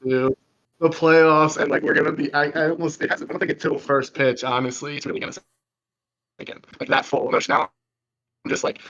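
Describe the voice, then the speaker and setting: Excited man on a muffled call-in line. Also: a little high, brisk. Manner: excited, rambling with many fillers. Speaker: caller. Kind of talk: casual chat. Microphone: phone call.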